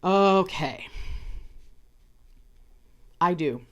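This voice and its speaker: A woman's voice: on the low side, extremely slow. A woman giving a casual tarot card reading, chatty, often acting out little conversations in other voices. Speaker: tarot reader.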